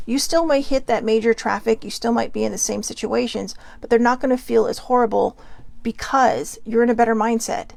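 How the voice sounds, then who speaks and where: A woman's voice: a little high, normal speed, gravelly, a little mellow, dry recording. A woman hosting a casual self-care pep talk, chatty and often checking in with "right?". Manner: chatty, keeps asking "right?". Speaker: host.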